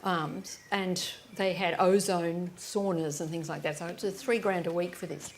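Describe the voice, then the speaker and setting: A woman's voice: lowish voice, normal speed, slight background noise. A woman, an author on a live panel, telling stories and acting out the voices of people in them. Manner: lively anecdotes, acting out voices with frequent restarts. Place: live event stage.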